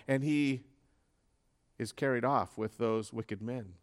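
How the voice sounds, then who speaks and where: A man preaching a sermon with fervor, dropping to a hush and then rising to loud, dramatic peaks. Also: medium pitch, takes it slowly, pauses often. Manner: dramatic preaching, swinging from hushed to loud, fervent.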